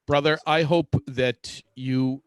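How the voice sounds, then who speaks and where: A man co-hosting a casual chat, teasing and pushing the other speaker to slow down and repeat himself. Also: mid-range voice, fairly even intonation, clean tone, no echo. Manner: teasing, pushy, demanding repeats. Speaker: co-host.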